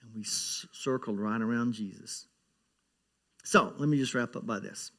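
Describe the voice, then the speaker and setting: A man's voice: mid-range voice, moderate pace, a bit bright. A man giving a sermon as pastor, talking in a conversational way, often repeating words and growing emphatic as he preaches.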